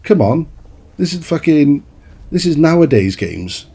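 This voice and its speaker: A man's voice: on the high side, sing-song, measured pace, creaky, dark tone, slightly rough. A man giving a profane, exasperated rant as a gaming commentator. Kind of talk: ranting game review.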